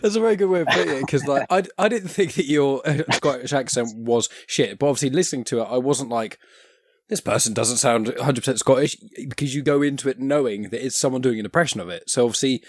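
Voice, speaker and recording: A man's voice: medium pitch, fast, no room sound. Host guy, friendly and chatty, laughs a lot, dry close sound. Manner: friendly, enthusiastic, laughs often. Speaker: podcast host. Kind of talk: casual podcast chat.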